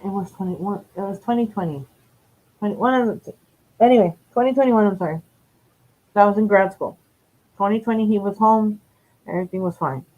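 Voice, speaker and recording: A woman's voice: medium pitch, a little fast, pauses often, a little mellow. A woman, telling a long story on a live stream in a rambling, profane way, correcting herself as she goes. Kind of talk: casual storytelling. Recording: dull lo-fi stream audio.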